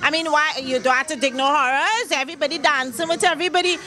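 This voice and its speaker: A woman's voice: high-pitched, fairly even intonation, fast, pushed and bright. A woman interviewing comedians at a comedy event, enthusiastic and effusive. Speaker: interviewer for an online Caribbean network.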